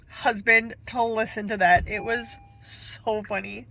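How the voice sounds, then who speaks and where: A woman's voice: on the high side, unhurried, vocal fry. Chatty young woman vlogging about books. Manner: chatty, animated, laughing. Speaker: booktube vlogger. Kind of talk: casual vlog talk to camera.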